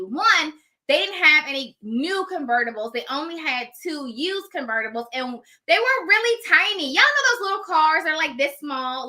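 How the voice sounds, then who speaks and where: A woman telling a personal story in casual style, animated, laughing often and acting out the dialogue. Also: high-pitched. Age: adult with children.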